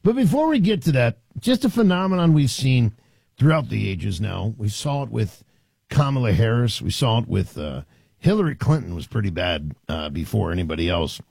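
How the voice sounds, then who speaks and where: A man hosting talk radio, his husky voice pitched high and swinging widely as he mocks and riffs. He is close on a studio mic in a dry, dead room, sounding sarcastic and conversational. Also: big pitch swings, normal speed, darkish tone, no echo. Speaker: radio talk show host. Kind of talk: opinionated talk radio monologue.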